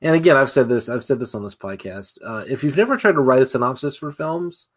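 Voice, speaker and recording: A man's voice: medium pitch, animated, fast talker. A man co-hosting a casual film podcast, rambling and circling through his thoughts. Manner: rambling, many fillers and restarts. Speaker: podcast co-host. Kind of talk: casual chat.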